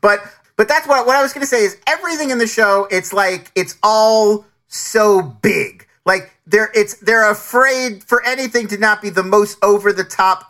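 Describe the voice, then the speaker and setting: A podcast co-host in casual review chat, talking in quick bursts full of fillers and restarts. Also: mid-range voice, sharp tone.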